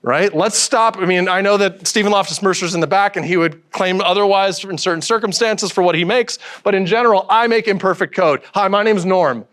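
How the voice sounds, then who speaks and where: A man's voice: high-pitched, fairly quick, few pauses, a bit bright. A middle-aged man presenting a technical talk at a conference, joking and quizzing the audience as he goes. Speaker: conference speaker.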